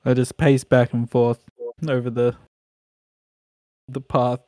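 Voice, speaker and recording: A man's voice: mid-range voice, level tone, slow pace, warm tone, dry recording. A man playing a tabletop game, blunt and dismissive. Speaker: player. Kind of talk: in-character tabletop play.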